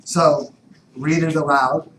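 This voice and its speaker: A man giving a motivational talk, telling stories animatedly, dropping to whispers and then bursting out loud. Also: fairly high pitch, steady tone, takes it slowly, slight background noise. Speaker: motivational speaker. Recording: roomy distant mic with background ambience.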